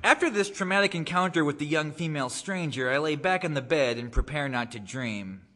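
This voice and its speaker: A man reading his own essay aloud to an audience in a gallery, with wry, deadpan humor. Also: fairly high pitch, fairly quick. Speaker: guest author giving a reading. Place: art gallery, live reading. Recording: long reverb of a gallery hall.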